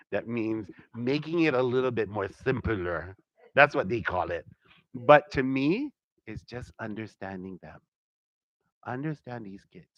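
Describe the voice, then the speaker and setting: Man, community talk, lively storyteller, dull dry lo-fi sound. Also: mid-range voice, dry recording. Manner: animated, acts out quoted voices. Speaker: Hawaiian cultural teacher giving a talk.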